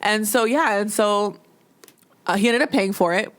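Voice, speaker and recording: A woman's voice: medium pitch, moderate pace. A young woman co-hosting a podcast in casual chat. She swears freely and acts out the lines of the people in her stories. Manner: animated storytelling, swearing, acting out quotes. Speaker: podcast co-host.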